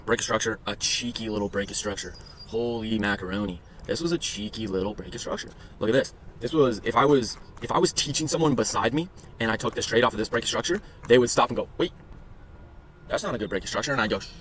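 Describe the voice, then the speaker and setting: A day trading vlogger screen-shares his trading charts and comments on them casually, cracking crude jokes and drifting into profane, rambling asides. His voice is on the low side and fairly bright, he talks quickly, and there's slight background noise.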